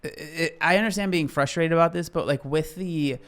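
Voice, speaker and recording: Wry man reacting with halting commentary. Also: fairly high pitch, fairly bright tone. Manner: wry, halting, trails off into laughs. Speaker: reaction channel host. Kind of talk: casual commentary reacting to clips.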